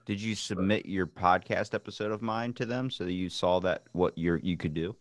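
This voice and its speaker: A man's voice: low voice, moderate pace, no room sound, studio quality. A man hosting a podcast in casual chat, joking and teasing his guest with profane banter. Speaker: podcast host.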